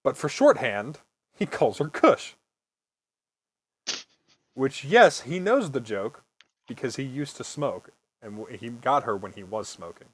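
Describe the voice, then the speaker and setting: A man's voice: mid-range voice, sing-song, measured pace, pauses often. A man in his early twenties, host of a casual podcast, telling rambling stories, swearing freely and laughing often. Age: early 20s. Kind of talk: casual storytelling chat.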